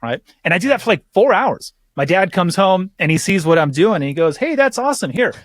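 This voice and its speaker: A man chatting casually as a podcast guest, telling animated stories and swearing freely. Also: high voice, brisk, slight background noise. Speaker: guest bass teacher.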